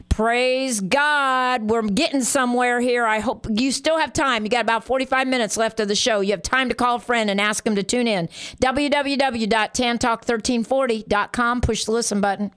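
A woman hosting a Christian radio talk show, enthusiastic and quick to affirm her guest. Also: fairly high pitch, fairly bright tone, clear, resonant tone. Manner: enthusiastic, exclaims and affirms often.

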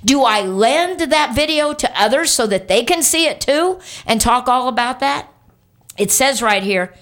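A woman's voice: on the high side, moderate pace. A woman preaching a sermon in an earnest, conversational way, stretching out words for emphasis as she reads scripture.

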